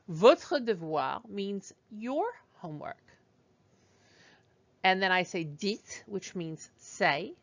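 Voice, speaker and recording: A woman leads a beginner French lesson at a slow, unhurried pace. Her pitch rises and falls in a lively way as she models each sound and repeats it patiently. The audio is dull and a little lo-fi. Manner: slow, patient, demonstrative pronunciation drills. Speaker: French teacher.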